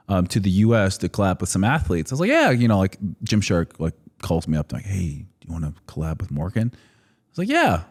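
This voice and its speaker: A man's voice: on the low side, a little mellow. Rambling, laughing man in his thirties. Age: 30s. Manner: rambling storytelling with many fillers and laughs. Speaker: podcast guest. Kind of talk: casual chat.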